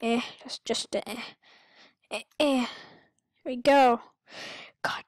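Slow, goofy high-voiced gamer. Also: female voice, steady tone, no echo. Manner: goofy, rambling, sudden high-pitched outbursts. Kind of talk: let's-play commentary.

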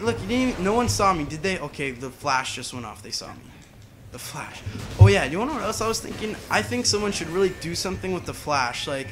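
Rambling man's chatty game commentary. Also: fairly high pitch. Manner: rambling, chatty, side tangents. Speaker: gaming channel host. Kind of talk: casual gameplay commentary.

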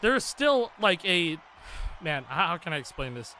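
High-voiced man streaming a rhythm game. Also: very animated, measured pace, slight background noise. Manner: rambling, loose and profane, full of "like" fillers. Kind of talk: casual live-stream chat. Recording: game music playing loudly behind.

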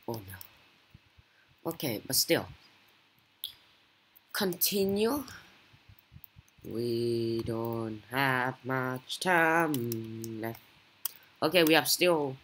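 A woman YouTuber giving casual gameplay commentary, excitable and quick to blurt out exclamations. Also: a bass voice. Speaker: gaming YouTuber.

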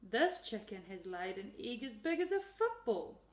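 Woman doing a booming, doting auntie. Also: very animated, measured pace. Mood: gushing. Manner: booming, overly affectionate. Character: loud gushing doting old auntie. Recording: roomy echo.

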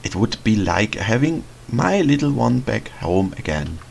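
A man reads a kindly, lonely witch who longs for a child to look after. Her voice sits low and gravelly. She speaks slowly and gently, and her pitch swings up and down. A faint hiss sits behind her. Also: very animated, exaggerated voice. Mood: tender. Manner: soft, motherly, hesitant, sighing. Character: lonely, gentle female forest witch, middle-aged. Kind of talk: reading game dialogue aloud in a let's play.

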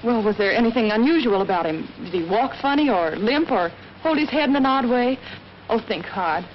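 An actress playing a brisk young woman sleuth. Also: on the high side, lively intonation, natural voice. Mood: coaxing. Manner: brisk, coaxing, take-charge. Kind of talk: 1930s film acting. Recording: dull, faintly hissy old film soundtrack.

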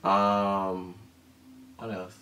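A man's voice: low-pitched, completely flat delivery, extremely slow, sharp tone. A man co-hosting a casual chat, rambling and circling back with many fillers. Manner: rambling, lots of fillers and restarts. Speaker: co-host.

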